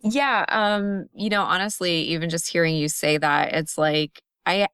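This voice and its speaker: A woman joins a podcast as a guest and talks in a hesitant, casual way, leaning on fillers. Her voice is smooth and clear and sits a little low for a woman. The sound is close and dry. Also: fairly even intonation, a little slow, a bit bright, no room sound.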